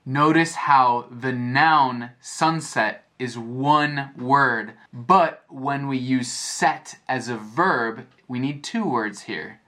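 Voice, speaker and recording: An American man teaching a lesson as a story, speaking clearly and repeating phrases to explain them. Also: mid-range voice, very slow, hardly any pauses, sharp tone. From United States. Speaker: English teacher. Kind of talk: slow storytelling lesson for learners.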